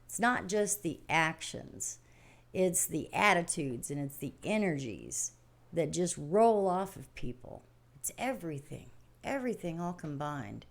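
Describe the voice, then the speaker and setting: This middle-aged livestream host has a low, gravelly voice with big pitch swings and speaks a little slowly. Her spiritual talk is casual and folksy, plain-spoken, rambling and repetitive, broken up by frequent laughter.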